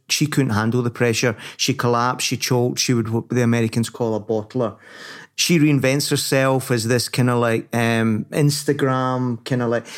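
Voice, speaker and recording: A man co-hosting a casual talk show, chatty and rambling, full of fillers and restarts. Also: medium pitch. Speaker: podcast co-host. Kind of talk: casual chat.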